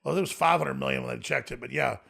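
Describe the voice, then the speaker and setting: A man's voice: medium pitch, fast, vocal fry, fairly bright tone. A man who is a guest on a podcast, telling rambling, profane stories in casual chat. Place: podcast studio.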